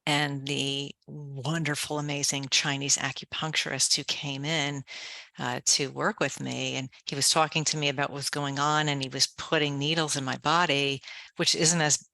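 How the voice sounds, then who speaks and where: An energetic woman author talks in an interview, moving between personal story and calm step-by-step coaching. Her voice is bright and forward with a gravelly fry at the edges. The sound is dry and close, with no room echo. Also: sits low, normal speed. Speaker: author and podcast guest. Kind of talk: conversational interview, guided relaxation instructions.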